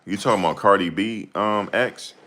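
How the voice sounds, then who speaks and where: A man's voice: fairly low pitch, moderate pace, sharp tone. A man hosting a casual stream, reading and answering chat comments in a rambling, slangy way. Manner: rambling, slangy, laughs a lot.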